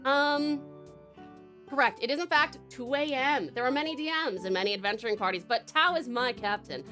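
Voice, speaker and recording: Bubbly woman streamer, bright and lively voice, rambling chat with faint music underneath. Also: sits high, fairly quick. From Tasmania, Australia. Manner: chatty, rambling, bubbly, frequent giggles. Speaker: VTuber streamer. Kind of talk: late-night livestream chat, reading chat.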